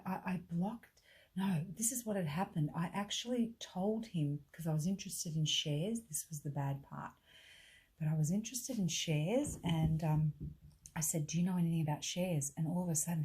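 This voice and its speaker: Husky, mellow-voiced middle-aged woman. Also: sits low. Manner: halting, full of restarts and quoted dialogue, drops to whispers. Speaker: vlogger telling her own story. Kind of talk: casual storytelling.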